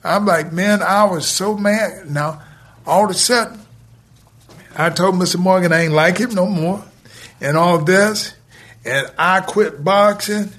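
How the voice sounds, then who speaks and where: A man telling a story from his youth in casual speech, acting out the dialogue and laughing between lines. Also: sits high. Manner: animated, retells scenes with quoted dialogue, laughs between lines; colloquial grammar, drawn-out pauses. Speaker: guest telling a life story.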